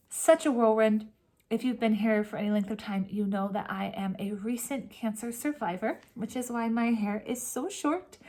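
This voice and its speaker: A woman hosting a cross-stitch vlog, chatting warmly and emotionally to camera from home, with soft whispered asides. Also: medium pitch. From California. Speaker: Flosstube host. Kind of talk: casual chat to camera.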